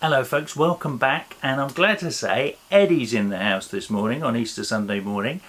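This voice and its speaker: A man's voice: medium pitch, normal speed, fairly bright tone. A man presenting a playful children's talk in an online church service, upbeat and joking as he banters with a silent puppet. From England.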